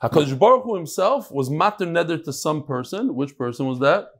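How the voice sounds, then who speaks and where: A man's voice: on the high side, animated, brisk. A man leading a daily Talmud class, joking and teasing back and forth with the people in the room. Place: classroom with a live audience.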